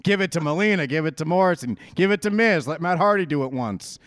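A man's voice: fairly high pitch, expressive, fast talker, no echo, clean studio sound. A man ranting brashly and profanely in a casual podcast chat about wrestling. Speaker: podcast co-host.

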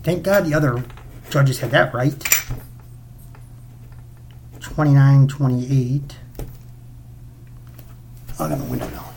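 A man hosting a casual solo podcast, rambling and excitable, often repeating himself. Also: mid-range voice, slow, long pauses, slight background noise. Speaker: podcast host.

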